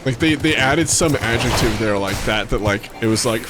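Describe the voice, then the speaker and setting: A man's voice: mid-range voice, moderate pace, loud music behind the voice. A young man streaming a game, chatting casually with joking, rambling asides and some swearing. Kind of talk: casual gameplay commentary.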